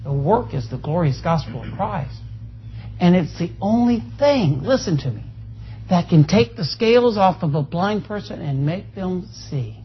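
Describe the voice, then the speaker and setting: A man's voice: high-pitched, lively intonation, unhurried, highs cut off. A man preaching a sermon, folksy and joking, asking the congregation for amens. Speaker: pastor. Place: church.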